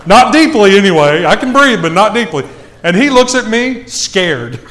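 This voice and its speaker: A man preaching a sermon, telling a self-mocking story with lively swings in his voice. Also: high voice, normal speed.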